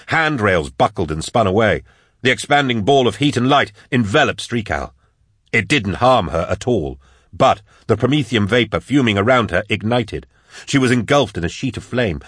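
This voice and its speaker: Low-voiced man narrating an audiobook. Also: slightly rough, no echo, clean studio sound. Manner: steady, dramatic reading.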